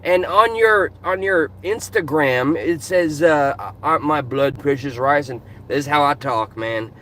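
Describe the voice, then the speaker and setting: A man's voice: fairly high pitch, animated, unhurried, bright, forceful tone. A man vlogging from his car into a phone, ranting passionately and animatedly in casual commentary. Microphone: phone camera.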